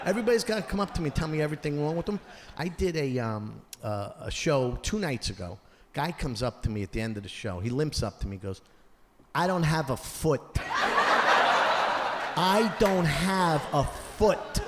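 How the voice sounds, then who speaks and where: A man doing a stand-up comedy set on a theater stage, acting out characters and shouting his punchlines. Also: fairly high pitch. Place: theater stage before a live audience. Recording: roomy hall sound with audience noise. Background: audience laughter.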